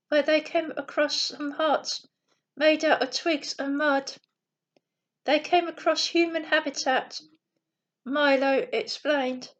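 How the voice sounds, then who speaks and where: A woman reading a bedtime story aloud slowly and carefully, with small slips. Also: high-pitched, highs cut off.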